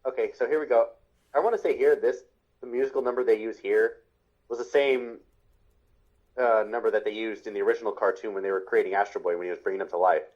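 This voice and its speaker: A man's voice: on the low side, steady tone, quick pace, darkish tone, lo-fi sound. A man co-hosting a podcast, chatting casually about old cartoons in a rambling way full of fillers. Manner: rambling, laughs along, lots of fillers. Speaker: podcast co-host. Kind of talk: casual chat commenting on cartoons.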